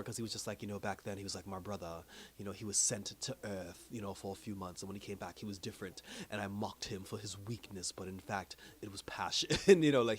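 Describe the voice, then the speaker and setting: Laughing casual male episode reviewer. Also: on the low side. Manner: rambling, laughs often, drops into quoted lines. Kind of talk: casual recap with quoted voices.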